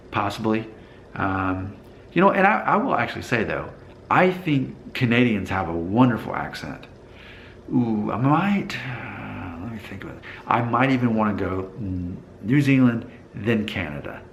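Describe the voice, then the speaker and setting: A man's voice: mid-range voice, reverberant, a little hiss or hum. An American man talking casually to camera, thinking aloud, with frequent fillers and restarts. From United States. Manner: thoughtful, hesitant, with many fillers and restarts. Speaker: vlogger.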